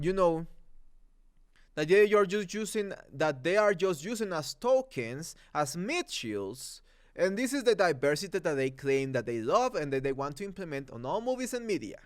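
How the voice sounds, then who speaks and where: A man from Mexico whose first language is Spanish speaks English with a Mexican Spanish accent, ranting through a heated, sarcastic movie commentary. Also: high-pitched. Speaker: commentary YouTuber.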